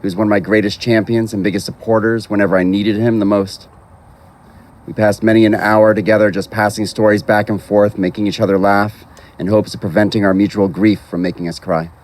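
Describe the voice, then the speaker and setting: A man officiating at an outdoor graveside, delivering a formal, measured prepared eulogy. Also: fairly low pitch, little pitch movement, darkish tone. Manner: measured, formal, reading from a text.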